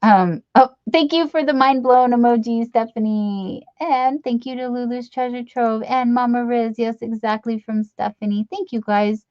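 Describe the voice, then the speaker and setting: A woman's voice: on the high side, steady tone, normal speed, few pauses, darkish tone, dry recording, lo-fi sound. A middle-aged woman hosting a late-night live stream, chatting and reading out comments in a rambling, giggly, affectionate way with lots of fillers. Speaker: livestream host.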